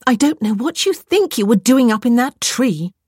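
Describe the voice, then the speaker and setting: A brisk, exasperated young woman, put on by a female narrator speaks in a raised, sharp tone. Her lines come out high and pushed, with a slightly breathy edge. The audiobook sound is close and dry. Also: big pitch swings, dry recording. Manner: sharp, impatient scolding and loud calls.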